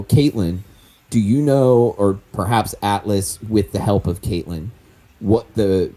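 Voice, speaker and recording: A man's voice: on the low side, warm tone. A man playing a tabletop role-playing game, decisive and laying out his plans step by step. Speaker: player.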